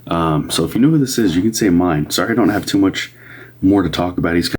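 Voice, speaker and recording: A man with a low, slightly rough, somewhat mellow voice talks at a quick pace while doing live medium readings on a stream. His casual livestream talk rambles, full of fillers and restarts.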